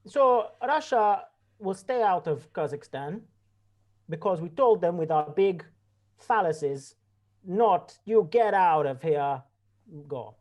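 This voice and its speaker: A bumbling, self-important president rambles through a speech in broken English with a mock Russian accent, voiced by a tabletop player. His pitch swings widely and animatedly as he goes. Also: lively intonation, slow pace, a little mellow. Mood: pompous. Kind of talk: in-character speech in a tabletop role-play.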